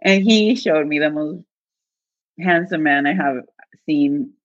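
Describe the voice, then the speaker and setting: A woman's voice: sits low, slow pace, no room sound. A woman candidly telling a personal story, acting out the voices of the people in it. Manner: animated, acts out quoted voices with laughter. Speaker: guest telling her story. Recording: dull lo-fi dry sound.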